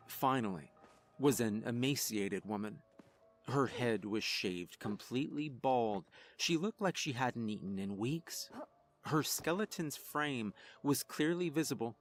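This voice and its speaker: A man narrating a first-person horror story in a measured, ominous, scripted delivery. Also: medium pitch.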